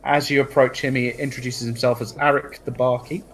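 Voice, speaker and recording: A man narrating a tabletop game as dungeon master, relaxed and descriptive with small fillers. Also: mid-range voice, fairly quick, rough recording.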